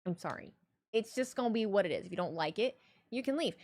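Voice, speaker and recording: A woman's voice: medium pitch, quick pace. Young woman streamer, casual and foul-mouthed, rants animatedly while answering chat. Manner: blunt, profane, animated ranting.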